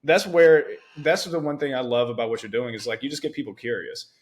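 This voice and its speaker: A man's voice: medium pitch, fairly quick. Podcast host, young man, chatty storyteller, mid-range voice. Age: young adult. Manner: animated storytelling with many "it's like" asides. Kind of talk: conversational interview.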